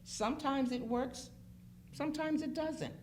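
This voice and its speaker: Pitched high and a little slow, this woman's voice comes with a faint hiss or hum. She's a guest who works as a phlebotomist in Pittsburgh, Pennsylvania, and in casual group chat she acts out quotes while telling stories with animated emphasis.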